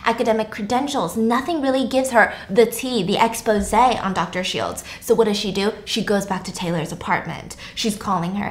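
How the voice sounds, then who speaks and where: A young woman casually retelling a novel's plot, chatty and expressive, slipping into character voices. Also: mid-range voice, normal speed, hardly any pauses. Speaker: podcast host retelling a novel. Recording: echoey room.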